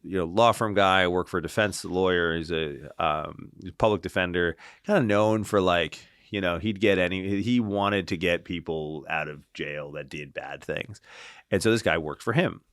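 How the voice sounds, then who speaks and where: A man with a very deep voice talks as a podcast guest and clinician. His delivery is animated and casual, full of "like" and "right?", with the odd casual swear. The sound is dry, with no room in it. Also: normal speed, clear, resonant tone, no echo. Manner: animated, tags lines with "right?" and "like". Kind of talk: casual interview storytelling.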